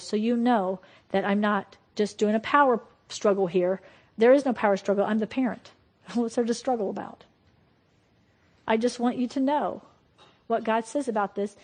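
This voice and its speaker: A woman giving a sermon-style Christian teaching. She is emphatic and lively, swinging between loud bursts and quiet asides. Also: on the high side.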